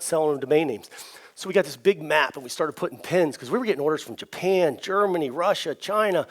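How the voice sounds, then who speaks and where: Energetic middle-aged man giving a keynote. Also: mid-range voice. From Ohio. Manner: energetic, repeats words and restarts. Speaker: conference speaker. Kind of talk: storytelling keynote speech. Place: event stage.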